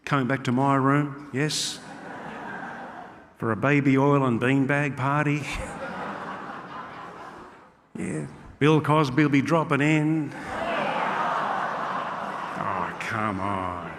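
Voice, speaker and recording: A man with an Australian accent does brash, punchy stand-up, working a live crowd in a large club hall. His mid-range voice is level, slow, and full of pauses, and the live hall adds long reverb and faint crowd noise.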